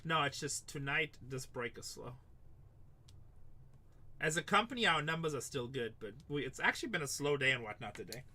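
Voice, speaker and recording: Middle-aged male break host, rambling jokey patter, forceful bright tone. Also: mid-range voice, expressive, normal speed. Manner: rambling, joking, swears casually, calls out teams. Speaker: live card break host. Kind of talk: livestream sales chat.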